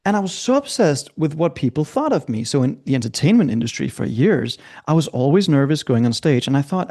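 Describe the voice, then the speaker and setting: A middle-aged man, a coach and guest, telling stories in an animated way and acting out the people he quotes. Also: on the high side, brisk, hardly any pauses. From Scandinavia. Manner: lively, acts out quoted voices. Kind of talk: animated storytelling.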